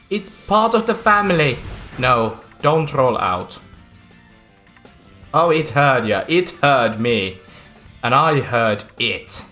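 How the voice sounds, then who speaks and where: A game streamer with a Finnish accent, casually chatting with viewers, excitable and laughing often. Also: mid-range voice. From Finland. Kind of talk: casual livestream game commentary.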